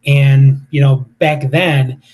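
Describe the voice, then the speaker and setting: A man's voice: medium pitch, steady tone, takes it slowly, darkish tone. A man in his fifties, a paranormal investigator, telling stories casually in an interview with many fillers and restarts.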